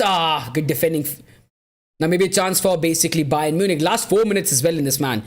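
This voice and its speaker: A man's voice: sits high, brisk. A young man hosting a live football watch-along stream, reacting to the match and answering chat in a casual, profane way.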